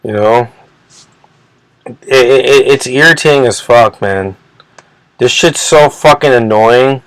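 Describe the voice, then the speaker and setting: A man rants on his own channel in a profane, rambling way, tripping over repeated words as his indignation builds. His voice sits in an ordinary middle pitch. The sound is dry and close, with no room echo. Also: slow pace. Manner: agitated, indignant. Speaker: channel host. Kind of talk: ranting commentary video.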